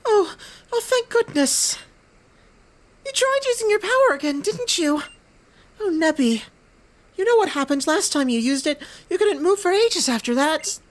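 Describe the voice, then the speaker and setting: A man voicing a shy, gentle teenage girl in falsetto, with soft, hesitant, apologetic speech that comes out slightly British. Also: very animated, unhurried, pauses often, exaggerated voice. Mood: worried.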